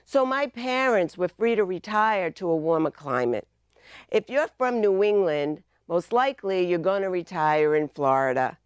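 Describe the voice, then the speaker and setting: A woman's voice: on the low side, animated, normal speed, smooth, no room sound. A woman with a Boston accent, giving a humorous icebreaker speech in a playful storytelling manner, on a video call. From Massachusetts, US. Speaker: club speaker.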